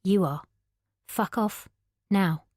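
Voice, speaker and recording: A woman narrator voicing a menacing, controlling man with a posh English accent and a quiet, even tone. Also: mid-range voice, takes it slowly, no echo, clean studio sound. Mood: cold menace.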